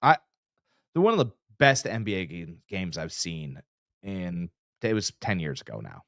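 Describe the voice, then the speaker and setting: A man's voice: low-pitched, moderate pace, dry recording, clean studio sound. A man co-hosting a casual sports podcast, telling stories with lots of energy and acting out the quotes. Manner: animated storyteller, acts out quotes. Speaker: podcast co-host.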